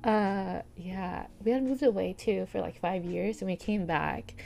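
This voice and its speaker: A woman's voice: medium pitch, a little slow, creaky, a little mellow. A young woman livestreamer talking casually and rambling with lots of fillers, greeting chat, at times close to tears. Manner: rambling, filler-heavy, reads chat aloud. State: near tears.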